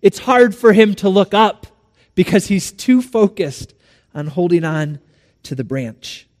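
A male pastor delivering a sermon in a church, telling a story with dramatic swings between soft and loud. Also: sits high, expressive, a little slow, long reverb tail.

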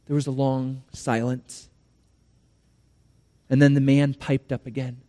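A male pastor delivering a sermon in a church, telling a story with dramatic swings between soft and loud. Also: medium pitch, animated, slow pace, long pauses, big-room sound.

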